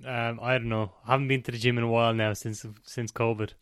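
A man interviewing in a casual chat, asking brief, low-key questions. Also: little pitch movement, fast, fairly bright tone.

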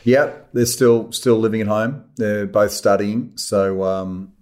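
A middle-aged Australian actor chatting as a guest in a casual interview, animated and repeating words as he starts sentences. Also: on the low side, takes it slowly. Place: remote call from home.

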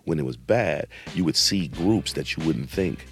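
A middle-aged man casually telling a story, animated and slangy, acting out quotes. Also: rumbling low, normal speed, soft background music.

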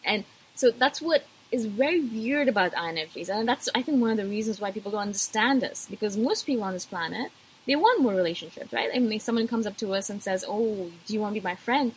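A woman's voice: mid-range voice, animated, quick pace, a little hiss or hum, rough recording. A woman vlogger talking casually to camera, emphatic and repetitive, addressing her viewers directly.

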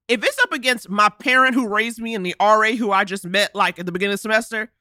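A woman's voice: medium pitch, quick pace, no room sound, clean studio sound. A young woman co-hosting a podcast, chatting casually and acting out characters with lots of laughter. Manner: animated, laughing, acts out characters. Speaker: podcast co-host. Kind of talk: casual chat recapping a film. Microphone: podcast microphone.

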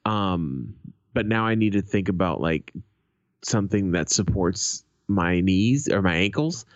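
A fairly low-voiced man swears his way through a rambling anecdote on a podcast. The sound is dull and lo-fi, and the room is dry and close. He talks loosely, as if chatting with a friend. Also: expressive, unhurried, dry recording. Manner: profane, rambling storyteller. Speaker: podcast co-host. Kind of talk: casual chat.

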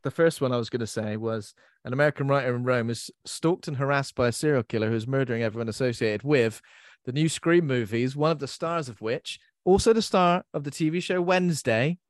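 A man's voice: mid-range voice, brisk, dry recording, clean studio sound. A man hosting a podcast in a casual chat, giggling and mocking himself as he stumbles over his words. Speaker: podcast host.

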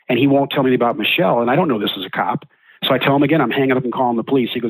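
A man's voice: mid-range voice, rapid-fire, slightly rough, no room sound, low-quality recording. A man being interviewed, telling his story heatedly and acting out the quoted exchanges. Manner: heated, quotes himself and others forcefully. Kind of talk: indignant first-person account.

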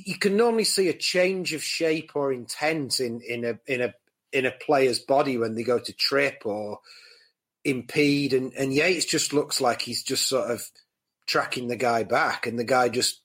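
A man's voice: medium pitch, fairly bright tone. A man on a football podcast panel, going through the play in careful detail. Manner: detailed, measured analysis. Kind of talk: casual football podcast chat.

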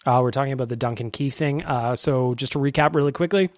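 A man's voice: medium pitch, quick pace, no room sound. A young male podcast host chatting casually and enthusiastically, with self-deprecating humor.

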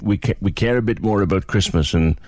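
A middle-aged man with a Cork accent hosting a radio phone-in, chatty and quick to laugh. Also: on the low side, no room sound. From Ireland. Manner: chatty, lively, laughs easily. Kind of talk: casual radio interview.

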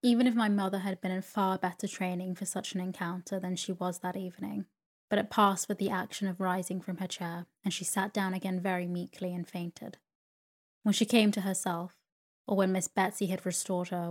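A woman narrating a classic novel as a bedtime sleep story in a calm, measured reading voice. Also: medium pitch.

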